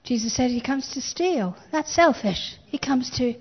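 A woman's voice: sits high, expressive, a little slow, husky, lo-fi sound. A woman pastor preaching a sermon, building emphasis with repeated phrases and calling on the congregation to respond.

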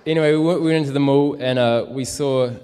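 A man's voice: medium pitch, steady tone, fast, warm tone, clear, resonant tone, big-room sound. A young man telling a casual, rambling story as a street evangelist, full of fillers. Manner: rambling, many fillers and likes.

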